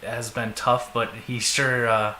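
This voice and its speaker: A man's voice: mid-range voice, flat delivery, slow pace, pushed and bright. Easygoing Minnesotan man in an echoey room. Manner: easygoing, joking, chuckles often. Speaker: podcast co-host. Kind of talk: casual sports chat. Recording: echoey room, faint noise.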